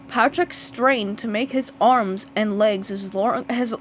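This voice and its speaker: A woman reading a children's storybook aloud in an expressive way. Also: on the high side, a little hiss or hum, rough recording. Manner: slow, expressive read-aloud. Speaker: storybook reader.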